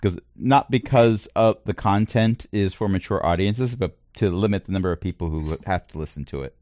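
A man's voice: deep voice, normal speed, a little mellow, no room sound, studio quality. A man hosting a casual podcast chat, who also teaches middle school. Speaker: podcast host.

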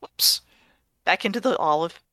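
Bright playful woman player. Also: fairly low pitch, expressive, moderate pace, no room sound. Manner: jokey, playful. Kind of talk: tabletop role-play chat.

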